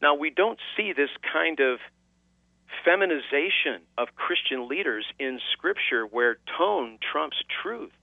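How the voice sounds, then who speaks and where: A man's voice: a little high, expressive, unhurried, gravelly, no room sound. A man hosting a radio debate, wry and quoting scripture at length. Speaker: radio host. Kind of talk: debate on a call-in radio show. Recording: phone-like radio line.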